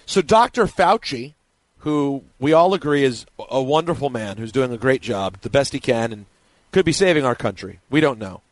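A man hosting sports talk radio, joking and teasing his co-hosts. His mid-pitched voice sits close on a dry studio mic. The banter is loose and casual. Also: expressive, moderate pace, no echo. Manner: playful, jokey, teasing co-hosts. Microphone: studio mic through a mixer.

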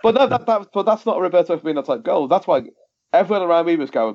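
A man co-hosting a football podcast, telling match stories in casual chat and acting out what people shouted. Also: high voice, fast. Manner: animated storyteller, acts out quotes. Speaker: podcast co-host. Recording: dull lo-fi podcast audio.

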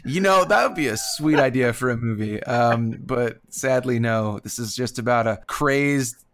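A man's voice: medium pitch, normal speed, fairly bright tone. A man co-hosting a casual movie podcast, retelling scenes with lots of laughter and swearing. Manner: laughing, profane, retells scenes with put-on quotes. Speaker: podcast co-host. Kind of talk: casual movie-review chat.

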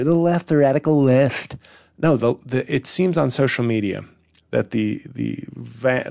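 Gravelly rambling comedian. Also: male voice, mid-range voice, no echo, clean studio sound. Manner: rambling, profane, sardonic. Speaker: comedian podcast host. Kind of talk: casual solo podcast monologue.

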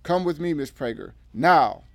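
Male reader voicing a commanding police lieutenant; loud, clipped. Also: on the high side, expressive, unhurried, gravelly, no echo. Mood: forceful. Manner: forceful, clipped.

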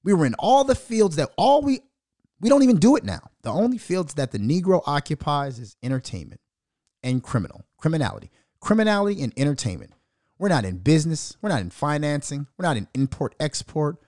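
A man's voice: fairly high pitch, sing-song, fairly quick, darkish tone, dry recording, studio quality. A man hosting a podcast, ranting aggressively and venomously with constant profanity. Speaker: podcast host. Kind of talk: heated podcast rant.

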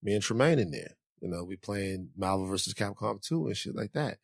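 A man telling a story in casual chat, animated and acting out other people's lines in shifting voices. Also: on the low side, brisk, vocal fry, no echo, clean studio sound.

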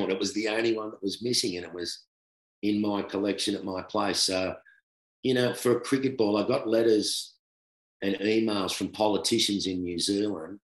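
A middle-aged Australian former cricketer, appearing as a guest, tells a long anecdote in a casual, animated style, laughing often and acting out the voices he quotes. His pitch is fairly low, and the recording has a roomy echo.

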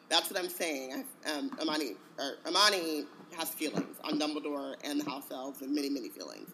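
A man's voice: fairly high pitch, animated, brisk, hardly any pauses, bright, forceful tone, slight background noise. A man co-hosting a casual podcast, talking in a rambling, hesitant way with many ums and likes. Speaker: podcast co-host. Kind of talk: casual chat.

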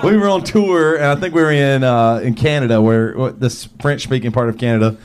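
A man's voice: mid-range voice, fairly quick, a little hiss or hum. A man chatting on a podcast, joking and laughing as he talks. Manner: joking, laughs often while talking. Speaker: podcast co-host. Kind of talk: casual podcast chat.

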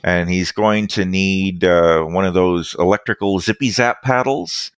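A man narrating as game master of a tabletop game, easygoing and halting, with many fillers. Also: clear, resonant tone, dry recording, studio quality. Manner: easygoing, halting with fillers, brief squeaky voices for side characters.

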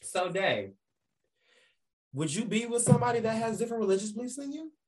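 A man co-hosting a casual podcast, playful and quick to laugh. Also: high-pitched. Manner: animated, playful, laughing often. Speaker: podcast co-host.

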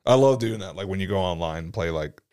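Young male podcast co-host, deep baritone, lively swinging delivery, relaxed storyteller who laughs easily. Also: fast, clear, resonant tone, no echo, studio quality. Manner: laid-back, laughs often, tells stories with acted quotes. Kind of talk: casual chat.

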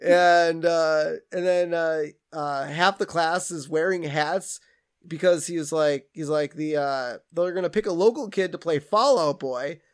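Guy with a high voice casually recapping a cartoon on a podcast, laughs a lot, acts out the lines. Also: unhurried, clean tone. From Minnesota. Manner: animated, laughs often, acts out quotes. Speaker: podcast co-host.

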